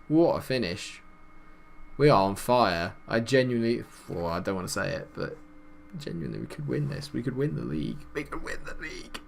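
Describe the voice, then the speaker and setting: Man, casual gameplay commentary, low-pitched, excitable play-by-play. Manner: chatty, mock play-by-play, excited by goals. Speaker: gaming YouTuber.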